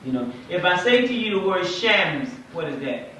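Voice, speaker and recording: In a mosque classroom, an imam teaches Arabic conversationally, quizzing his students, his high voice bright and forceful with big pitch swings at a moderate pace. It's a dull, lo-fi 1990s tape from a distant mic in an echoey room, with slight background noise.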